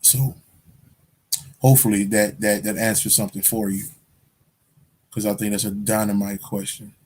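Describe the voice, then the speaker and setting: A man's voice: lowish voice, level tone, moderate pace, darkish tone, slightly rough. A man hosting a casual livestream, answering viewer questions in loose, profane street slang, repeating phrases as he goes. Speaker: spiritual livestream host.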